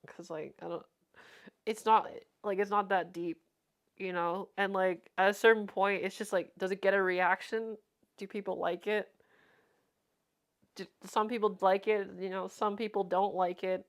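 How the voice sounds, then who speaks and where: A woman's voice: mid-range voice, fairly even intonation, normal speed. A young woman streamer chatting casually, rambling with lots of fillers and frequent laughter. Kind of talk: casual chat.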